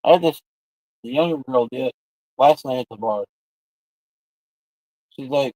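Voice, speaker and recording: A man's voice: medium pitch, a little fast, pauses often, a little mellow, no room sound, poor audio. A man hosting a livestream, telling rambling, crude, joking stories in casual chat. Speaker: livestream host.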